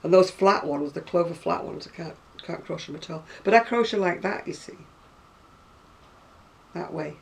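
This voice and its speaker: Gravelly older northern English woman. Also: lowish voice, moderate pace, distant mic. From North West England. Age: 60s. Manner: chatty and rambling, with frequent laughs. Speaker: craft seller. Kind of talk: casual chat to camera.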